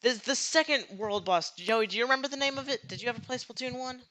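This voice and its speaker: Bright, stammering young podcast host. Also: mid-range voice, fast. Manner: stammering, restarts sentences mid-explanation. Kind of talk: casual gaming chat.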